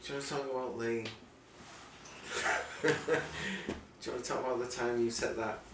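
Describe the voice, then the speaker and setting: A man telling a casual story with animated, acted-out voices as a podcast co-host. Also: medium pitch, a little slow, distant mic. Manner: animated, acts out voices in anecdotes. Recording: roomy, off-mic, faint hiss.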